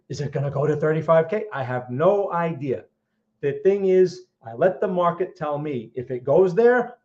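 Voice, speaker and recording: A man's voice: on the high side, darkish tone, highs cut off. A man hosting a live market analysis stream, speaking emphatically and often checking in with "okay?" and "right?". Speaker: trading analyst host.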